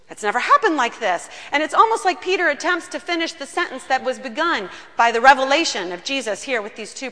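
A woman pastor preaching a sermon in a church, telling the story earnestly and slowing down on key words. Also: sits high, pushed and bright. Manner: earnest storytelling, slows down for emphasis. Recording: long reverb of a large room.

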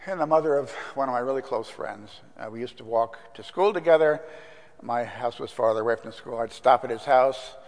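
An older man gives a conversational sermon, mixing stories with scripture in an everyday, mid-pitched voice. His words echo with a long church reverb. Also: fairly quick. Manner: conversational, anecdotal, with fillers. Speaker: pastor.

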